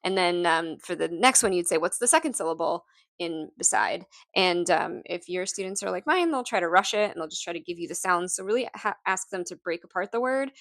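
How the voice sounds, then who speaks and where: A woman's voice: lowish voice, a little fast, hardly any pauses, a bit bright, no echo. A woman teacher explaining her lesson packets in a casual, hesitant way with frequent ums. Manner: hesitant, many ums and restarts, light laughs. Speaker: teacher presenting her materials. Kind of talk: casual instructional walkthrough.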